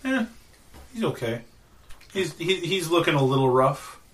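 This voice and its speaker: A man narrating as game master, casual and chatty, with quick asides. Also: a little high, lively intonation, fairly bright tone, recorded from a distance, slight background noise.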